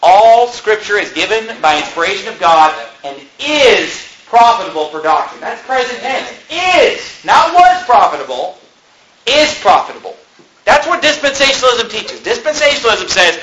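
A male pastor preaching a sermon, impassioned and animated, with mocking asides. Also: sits high, moderate pace, slight background noise, poor audio.

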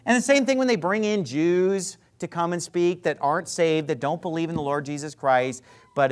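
A man preaching a fiery sermon as pastor, sarcastic and combative, swinging between loud emphatic lines and muttered asides. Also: on the high side, normal speed.

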